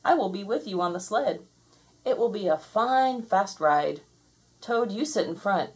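A woman's voice: medium pitch, lively intonation, measured pace, close to an everyday voice. A woman voicing an eager, cheerful male frog who coaxes his friend outside, in a storybook read-aloud. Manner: bright, coaxing, enthusiastic.

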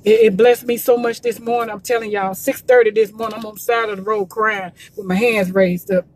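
A woman's voice: fairly high pitch, steady tone, fairly quick. A woman promoting gospel music in a casual livestream, urging listeners with emphatic, repetitive preachy calls.

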